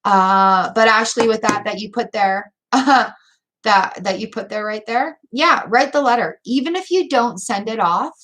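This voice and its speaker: A middle-aged woman reading tarot on a live stream, telling a story in a chatty, animated way and talking straight to her viewers. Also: fairly high pitch, unhurried, poor audio. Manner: animated, talks straight to viewers, repeats phrases for emphasis.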